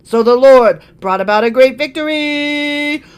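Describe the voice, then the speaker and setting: A woman putting on a loud announcer voice for a list of ancient warriors, calling out each name with showy build-up. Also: sits high, unhurried, clear, resonant tone. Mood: hyped. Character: booming male sports-style announcer.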